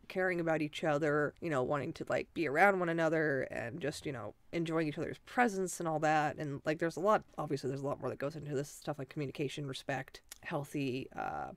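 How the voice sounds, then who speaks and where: A woman chatting casually in a reaction vlog from the corner of her bedroom, rambling with lots of fillers and big swings in her voice. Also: no echo. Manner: rambling, filler-heavy, expressive swings in pitch. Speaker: vlogger and self-published author. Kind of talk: casual reaction vlog, reading posts aloud.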